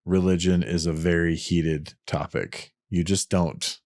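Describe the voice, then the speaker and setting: A man's voice: deep voice, level tone, measured pace, darkish tone, no room sound, clean studio sound. A man hosting a podcast, talking through ideas alone in an earnest, explanatory way and often restarting his sentences. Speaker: podcast host. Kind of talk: reflective solo podcast talk.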